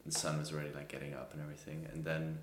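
A man's voice: rumbling low, flat delivery, racing, echoey room, slight background noise. A man co-hosting a podcast, telling a rambling story in casual chat and laughing often. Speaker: podcast co-host.

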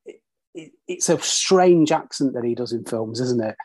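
Host, man, 40s, husky, mid pitch, chatty and rambling, dry close sound. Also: animated, moderate pace, darkish tone, no room sound. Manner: chatty, many restarts and tag questions. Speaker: podcast host. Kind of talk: casual film discussion.

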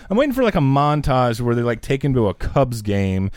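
A man's voice: mid-range voice, big pitch swings, quick pace, few pauses, a little mellow, no echo. A man co-hosting a casual movie podcast, cracking wry, dry jokes and teasing his co-host. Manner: wry, dry jokes with playful put-downs. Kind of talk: casual movie-review chat.

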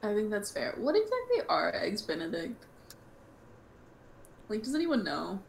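A young woman hosting a casual podcast, talking in an animated, chatty way with lots of fillers. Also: medium pitch, unhurried, vocal fry, slight background noise. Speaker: podcast host.

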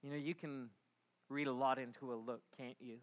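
A middle-aged man preaching a sermon, telling a story with animated delivery and acting out the voices before dropping to a hushed, reflective tone. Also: mid-range voice, normal speed, dull audio. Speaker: pastor.

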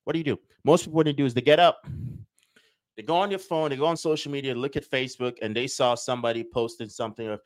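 A male podcast host talking through a motivational monologue in a mid-pitched voice. He lectures in a preachy way, jokes around and slips into quick acted-out exchanges with imagined people. The sound is dry and close, with no room around it. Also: no room sound. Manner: preachy, joking, acts out little dialogues.

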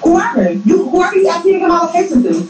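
A woman arguing on a live stream in a brash, taunting, profane way with quick comebacks. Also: very high voice, sing-song, darkish tone, slight background noise. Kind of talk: heated argument. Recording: echoey and distant with faint ambience.

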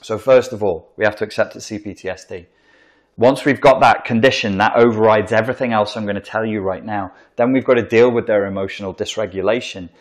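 Guy with a lowish voice rambling through an explainer, emphatic, acts out little examples. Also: fairly even intonation, fairly quick. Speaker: commentator explaining narcissism. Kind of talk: casual explanatory monologue.

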